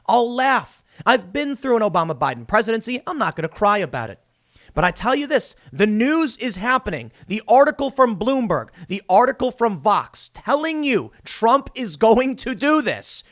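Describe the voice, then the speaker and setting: A man hosting political commentary, reading news articles and adding sarcastic, opinionated remarks. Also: high voice. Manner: animated, sarcastic, mocks opponents.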